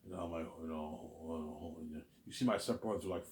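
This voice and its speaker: A man's voice: low voice, brisk, hardly any pauses, darkish tone. A man in a rambling, profane monologue, who often stammers and repeats words. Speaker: vlogger. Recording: echoey room.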